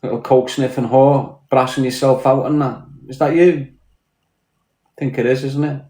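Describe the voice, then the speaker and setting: A live streamer from Liverpool, England, with a Scouse accent, rants bluntly and swears on a casual stream, mentally tired after hours on air. His medium-pitched voice is mellow and fairly even, at normal speed. The room has an echo.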